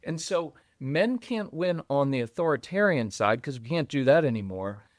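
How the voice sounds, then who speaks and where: A middle-aged man guesting on a podcast about parenting, who talks in an animated, conversational way and acts out what other people say. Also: moderate pace, no echo, studio quality. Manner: animated, acts out quoted voices with jumps in pitch. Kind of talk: conversational interview.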